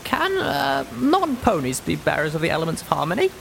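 A man voicing a young mare wanderer, earnest and grieving, in a high, strained, hesitant voice, read as an audiobook story. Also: huge pitch swings, fairly quick, gravelly, a bit bright, a little hiss or hum, full character voice, rough recording. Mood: anxious.

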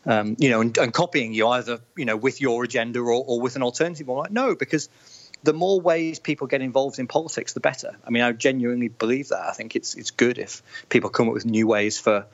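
A man's voice: medium pitch, fast. A man speaks earnestly as an interview guest, often doubling back and restarting his sentences. His audio is slightly muffled and dull. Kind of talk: casual interview answer.

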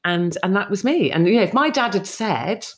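A woman's voice: medium pitch, very animated, normal speed. A middle-aged woman, a TV presenter, telling anecdotes animatedly in an interview and acting out quoted speech. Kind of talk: chatty anecdotal storytelling.

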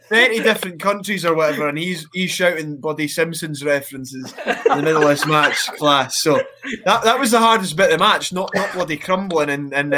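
A man's voice: on the high side, bright, forceful tone. A man, a wrestler guest, telling stories in a casual podcast chat on a video call, full of restarts. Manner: storytelling, lots of restarts, laughs often.

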